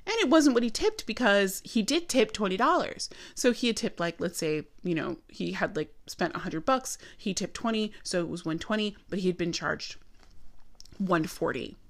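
A woman telling a personal story to her camera from home. She talks in an animated, chatty way, full of emphatic asides. Her voice sits at a middle pitch. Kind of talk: casual storytelling. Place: her apartment.

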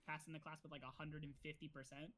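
A man's voice: fairly high pitch, flat delivery, fast talker, a bit bright. A young man co-hosting a casual podcast, laid-back and full of trailing fillers. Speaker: podcast co-host. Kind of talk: casual chat.

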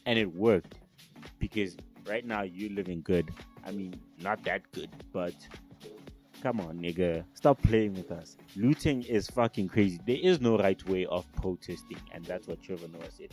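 A man's voice: deep voice, moderate pace, darkish tone, faint music behind. A young South African man ranting heatedly to camera, profane and emphatic. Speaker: vlogger. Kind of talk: casual rant to camera.

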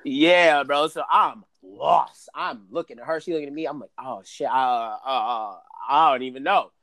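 A man in casual podcast chat, telling a long embarrassing story in a loose, profane way, his voice jumping up high for emphasis. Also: normal speed, dry recording. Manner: animated, profane storytelling with big pitch jumps.

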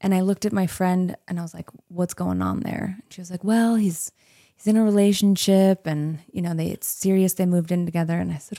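Gravelly, mellow-voiced woman telling stories. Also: on the low side, fairly even intonation, a little fast, few pauses, dry recording, studio quality. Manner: chatty storytelling with frequent laughs. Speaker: podcast guest. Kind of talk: casual interview chat.

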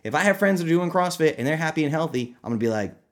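A man hosting his own podcast as a nutrition coach, talking casually and animatedly, often jumping into high, excited mock voices. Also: fast talker, hardly any pauses. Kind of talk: casual solo podcast talk.

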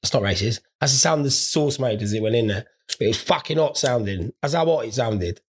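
A man's voice: mid-range voice, lively intonation, fairly quick, slight background noise. A stoned man hosting a podcast, telling crude, sweary, rambling stories in a casual monologue. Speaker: podcast host.

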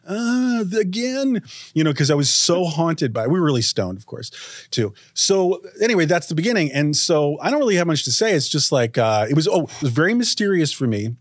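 A man co-hosting a podcast, telling a rambling, animated story in casual chat, swearing freely and acting out quotes. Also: a little high, fairly quick, few pauses, no echo, clean studio sound. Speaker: podcast co-host.

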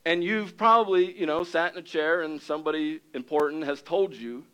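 A male pastor preaching a sermon, animated, acting out little scenes in an excited raised voice and dropping low for serious points. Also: moderate pace, clean tone, poor audio.

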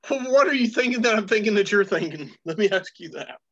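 A man with a fairly high voice chats loosely on a dull, lo-fi recording. He laughs easily, swears freely and pads his talk with fillers. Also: expressive, a little fast, a bit bright, no room sound. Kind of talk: casual chat.

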